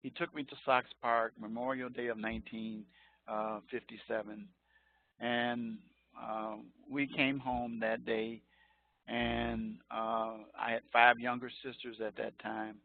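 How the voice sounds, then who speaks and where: Speaking at a measured pace, a Chicago professor in his sixties keeps his mid-range, creaky voice fairly flat in pitch. His casual online lecture jokes around, strays from the subject and is full of laughter, captured on a dry, tinny phone-like line without echo.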